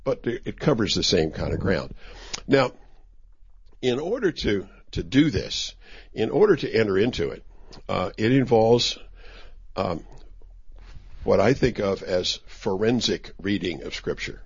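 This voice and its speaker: A man's voice: lowish voice, big pitch swings, unhurried, pauses often, slightly rough. A man giving an informal Bible study talk in a conversational, wry way, with many restarts. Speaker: teacher. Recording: dull lo-fi recording.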